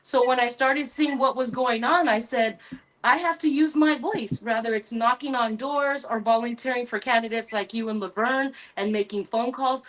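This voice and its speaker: Woman from california, guest on a political show, emphatic, a bit high pitched. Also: moderate pace, fairly bright tone. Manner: earnest, emphatic. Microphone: video call.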